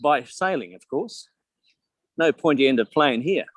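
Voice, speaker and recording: A man's voice: mid-range voice, expressive, measured pace, no room sound. Chatty Australian man, dry close sound. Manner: chatty, jokey, asks the audience questions. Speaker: virtual tour guide. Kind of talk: live virtual tour talk.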